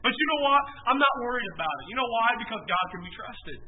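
A man preaching a sermon as a pastor, emphatic, swinging between loud swells and soft drops. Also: very high-pitched, lively intonation, quick pace. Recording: echoey hall, tinny phone-like sound.

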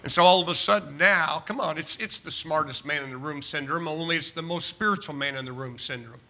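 A man's voice: fairly high pitch, a little fast, sharp tone. A man preaching a sermon to a large church, emphatic and joking, firing off rhetorical questions. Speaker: pastor.

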